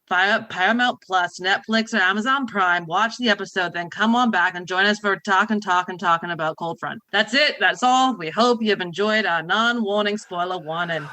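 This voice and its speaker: Woman doing a broad put-on Boston accent, showy and rhyming, bright tone. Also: medium pitch, normal speed, few pauses, lightly acted, low-quality recording. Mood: playful. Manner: sing-song, rhyming, exaggerated delivery. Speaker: podcast co-host.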